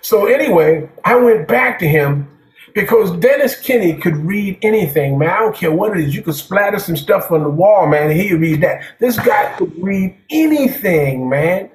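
The guest is a jazz drummer in a casual interview, his voice sitting high and expressive at a moderate pace. He rambles as he tells stories, repeating words and saying "man" a lot, in an echoey room.

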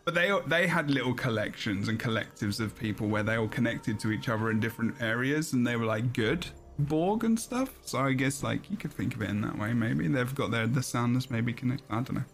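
A man's voice: mid-range voice, fast, hardly any pauses, a bit bright, slight background noise. A man hosting a podcast, chatting casually in an enthusiastic, rambling way. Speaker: podcast host. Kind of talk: casual chat.

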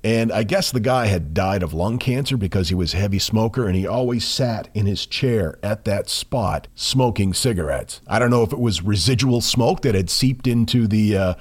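A man co-hosting a podcast, telling a ghost story in a measured way with dramatic pauses. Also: fairly low pitch, slightly rough. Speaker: podcast co-host.

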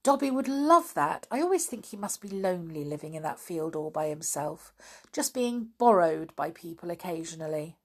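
A woman's voice: lowish voice, sing-song, normal speed. A woman voicing an eager young girl who gushes breathlessly about a holiday plan.

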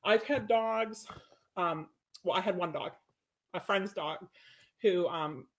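A woman's voice: on the low side, slow pace. A woman dog trainer talking casually on a podcast-style webinar from her home, chatty and firm about discipline, often checking in with "right?".

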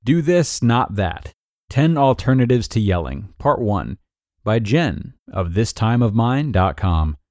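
A man's voice: on the low side, very animated, takes it slowly, a little mellow, dry recording, clean studio sound. A man hosting a podcast, reading a parenting article aloud and acting out the quoted lines. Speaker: podcast host and narrator.

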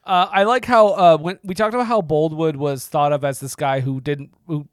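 A man co-hosting a casual film podcast, chatty and quick to laugh as he points out film details. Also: on the high side, no echo, clean studio sound. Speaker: podcast co-host and editor.

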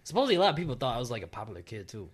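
Young man, middle pitch, casual chat, relaxed, rambling, conversational. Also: rapid-fire, breathy edge. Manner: relaxed, rambling, keeps saying you know what I mean.

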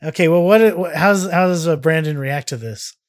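A man co-hosting a casual podcast, excitable and self-mocking, often tripping over his words. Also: fairly high pitch, moderate pace. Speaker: podcast co-host.

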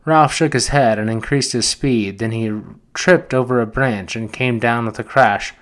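A man reading a novel aloud for a book club podcast, steady and measured. His voice sits at a middle pitch for a man. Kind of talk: audiobook narration.

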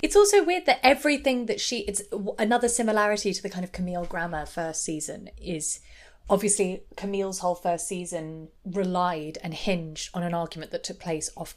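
Chatty woman podcasting. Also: lowish voice. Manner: chatty, many fillers, does quick impressions. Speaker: podcast co-host. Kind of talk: casual chat.

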